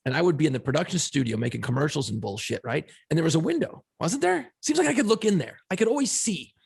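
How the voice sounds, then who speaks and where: A middle-aged man co-hosting a podcast, a former radio DJ telling profane, animated stories in casual chat. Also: a little high, quick pace, creaky, breathy edge.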